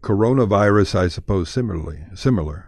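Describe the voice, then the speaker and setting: A man hosting a radio interview, asking quick prompting questions. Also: fairly low pitch, animated, vocal fry, darkish tone, no echo, studio quality. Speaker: radio host.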